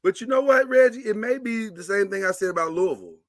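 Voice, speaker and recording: Easygoing guy running a sports chat, bright sharp tone, voice goes up n down a lot. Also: high voice, lively intonation, fast talker, dry recording, studio quality. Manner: easygoing, passes the turn to others.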